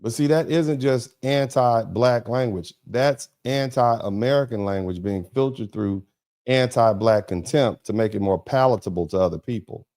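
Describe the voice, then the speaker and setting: A man's voice: medium pitch, normal speed, darkish tone. A man hosting a political commentary livestream, talking emphatically with lots of repetition. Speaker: host of a commentary broadcast.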